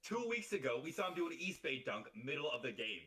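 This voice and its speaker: A man co-hosting a casual sports podcast, speaking in a wry and mocking way. His voice is bright and forceful, sitting slightly high for a man. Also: big pitch swings, fast talker. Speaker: podcast co-host.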